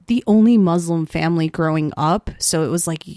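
A woman in her thirties chatting casually as a podcast co-host, animated and full of fillers and restarts. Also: lowish voice, fairly quick, no echo, studio quality. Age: 30s. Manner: chatty, animated, many fillers and self-interruptions. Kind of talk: casual chat.

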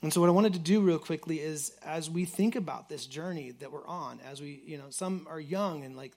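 A man's voice: a little high, brisk, darkish tone. A man preaching a conversational sermon, earnest and searching for words, often repeating himself and saying "like". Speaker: pastor.

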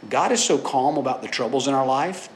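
A man's voice: medium pitch, lively intonation, a little fast, slight background noise. A middle-aged man preaching a sermon in a conversational, storytelling way, often checking in with his listeners. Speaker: pastor.

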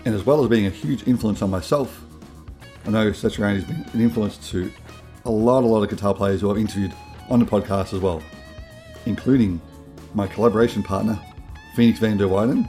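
A friendly Australian man hosts a guitar podcast, his voice low and mellow as he chats easily. Faint guitar music plays softly behind him. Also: fairly quick. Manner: relaxed, friendly, thanks listeners and sponsors. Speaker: podcast host. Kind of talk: casual podcast intro and interview.

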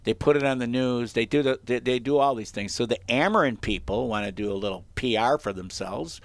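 A man telling a story in casual chat as a host, animated and acting out the quotes, with frequent laughs. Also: mid-range voice, fairly quick, dry recording.

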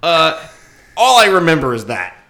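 Animated New man telling a story. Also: on the high side, normal speed. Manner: animated, profane, laughing often. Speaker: storyteller in group chat. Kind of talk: casual storytelling.

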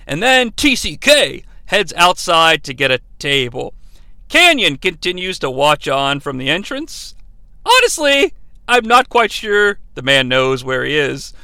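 A man's voice: high-pitched, pushed and bright, clean tone, dry recording. A man hosting a podcast, giving a theatrical, mock-dramatic play-by-play recap. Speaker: podcast host.

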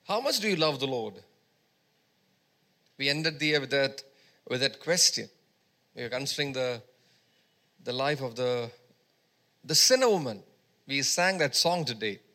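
A man's voice: medium pitch, lively intonation, measured pace, long pauses, bright, forceful tone. A man preaching a sermon as pastor at a church service, prompting the congregation to repeat words back to him in call-and-response.

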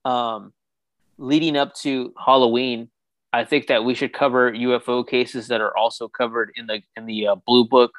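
A man co-hosting a podcast, chatting casually in a playful, joking way with some hesitant pauses. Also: mid-range voice, level tone, a bit bright, no room sound. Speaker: podcast co-host. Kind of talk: casual chat.

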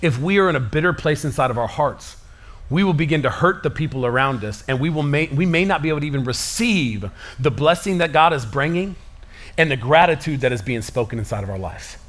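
A male pastor delivers a sermon in a lively, conversational way, full of casual slang. His voice sits a little on the high side for a man. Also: fairly quick.

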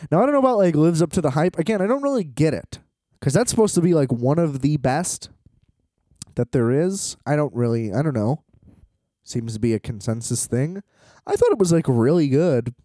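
A man's voice: a little high, lively intonation, brisk, mellow, no room sound, clean studio sound. A man ranting casually about travel hassles, exasperated and profane, laughing often as he talks.

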